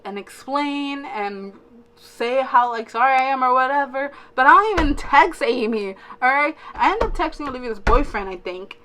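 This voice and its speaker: A woman's voice: sits high, moderate pace. A young woman vlogger casually telling a storytime, acting out what she and her friends said and checking in with "all right?" as she goes. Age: young adult. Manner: animated, acts out quotes of herself and friends; fillers and restarts, frequent "all right?" asides.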